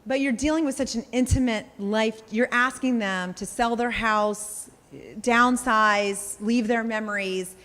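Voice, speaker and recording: A woman sales coach giving a workshop talk, direct and animated, acting out examples to the group. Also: a little high, unhurried, few pauses. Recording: echoey hall.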